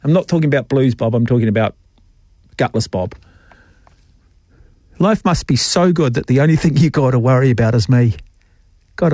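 A man's voice: medium pitch, normal speed, pauses often, darkish tone, dry recording. A male sports talkback radio host, teasing listeners and giving strong opinions in a jokey way. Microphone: studio mic.

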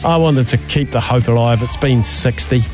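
A man's voice: mid-range voice, fairly quick. A middle-aged man with a New Zealand accent hosting a radio show, chatting and reading listener texts aloud. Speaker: radio host. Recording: faint music behind.

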